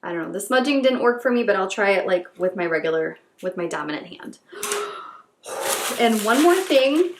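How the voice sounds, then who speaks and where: A woman's voice: medium pitch, a little fast, few pauses, slight background noise. Gushing woman beauty vlogger, echoey room. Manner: gushing, gasping, repeats herself excitedly. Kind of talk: excited unboxing chat.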